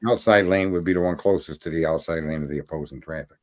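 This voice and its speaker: A man hosting a podcast, telling long stories in casual chat. He swears freely and rambles, and his voice climbs high when he gets indignant. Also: fast, a little mellow. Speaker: podcast host.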